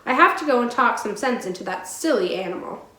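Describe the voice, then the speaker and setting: A woman doing a loud, cheeky young girl. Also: on the high side, expressive, fairly quick, echoey room. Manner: loud, shrieking and bossy. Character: wild cheerful strong young girl.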